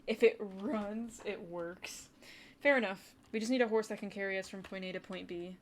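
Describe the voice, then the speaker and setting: A woman with a mid-range voice speaks a little fast while casually commentating on a game for her livestream. She talks to chat and occasionally whispers short asides; faint keyboard typing and slight background noise are audible.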